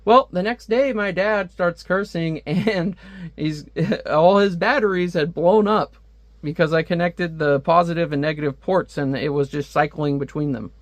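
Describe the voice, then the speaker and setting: Casual comic reviewer, chatty and laughing, slightly high voice. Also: male voice, a little slow, no echo. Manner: chatty, laughing, many fillers.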